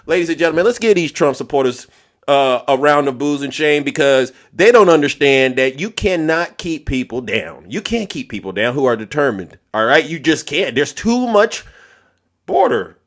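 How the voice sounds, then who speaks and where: A man hosting a livestream, ranting and mocking in a preachy tone, laughing through his lines. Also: a little high. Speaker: livestream host.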